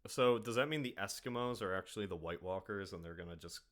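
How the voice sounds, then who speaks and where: A man's voice: fairly low pitch, fast. A man from the American Midwest hosting a casual podcast chat, joking, laughing often and acting out his own reactions. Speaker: podcast host.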